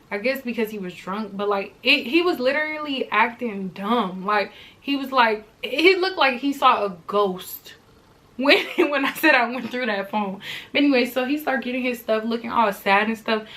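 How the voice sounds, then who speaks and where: A young woman vlogger telling a personal story in a chatty, animated way, often turning to her viewers. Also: fairly high pitch. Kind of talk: storytime vlog.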